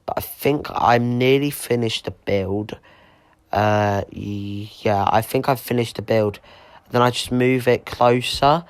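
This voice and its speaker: A gaming YouTuber shows off a house he built in a game, talking straight to his viewers. His medium-pitched voice is clear and resonant, and he speaks slowly. He rambles in a chatty, informal way, with lots of fillers and restarts.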